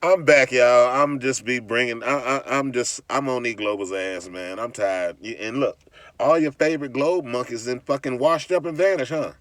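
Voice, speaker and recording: A man's voice: medium pitch, moderate pace, fairly bright tone, no room sound. A man delivering a heated, profane vlog rant, mocking his critics and often restarting or repeating words. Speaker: vlogger. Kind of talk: ranting vlog monologue.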